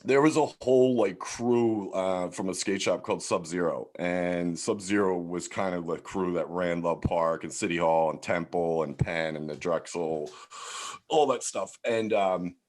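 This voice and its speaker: Very deep-voiced profane storytelling man. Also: measured pace, darkish tone. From Philadelphia, USA. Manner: loose and profane, lots of "like" fillers. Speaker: podcast guest, comedian. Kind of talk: casual storytelling chat.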